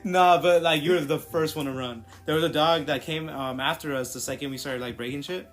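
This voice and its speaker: A man's voice: fairly high pitch, fairly even intonation, a little fast, faint music behind. A young man, a podcast co-host, chatting casually in a giggly, joking, loose way. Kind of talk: casual chat.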